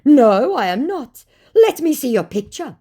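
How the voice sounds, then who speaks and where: A woman voicing a dim, pushy male online romance scammer, reading his chat messages slowly and mockingly. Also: sits high, sing-song, warm tone, pitched above the performer's own voice, exaggerated voice.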